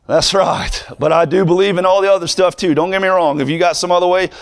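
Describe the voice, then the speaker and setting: A man preaching a sermon, fervent and rising to shouts. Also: high voice, steady tone, fast.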